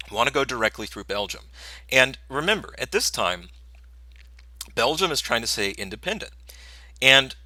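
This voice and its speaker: A man's voice: medium pitch, pushed and bright, no echo. A man giving a history lecture. He talks in a loose, conversational way, tells events as a story, acts out nations as speakers and corrects himself as he goes. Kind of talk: recorded classroom lecture.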